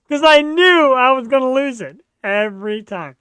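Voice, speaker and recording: Male talk host, bright voice, animated and jokey. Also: very high-pitched, a little slow, clear, resonant tone, no room sound, clean studio sound. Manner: animated storyteller, jokey and self-mocking. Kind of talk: casual chat.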